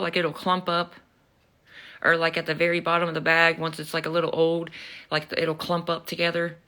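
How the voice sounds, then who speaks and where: A young woman chatting casually on a livestream, telling a story with animated energy, swearing and laughing, a bit out of breath. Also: fairly low pitch. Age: young adult.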